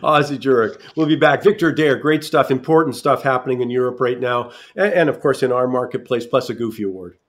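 A man's voice: mid-range voice, brisk, few pauses. A man hosting a radio talk show, chatty and emphatic, thinking aloud as he interviews guests.

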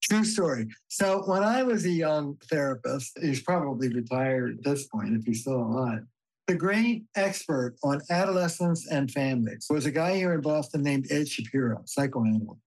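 Older male family therapist, podcast guest; animated, emphatic storyteller, casually profane. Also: medium pitch, moderate pace, poor audio. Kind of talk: conversational podcast interview.

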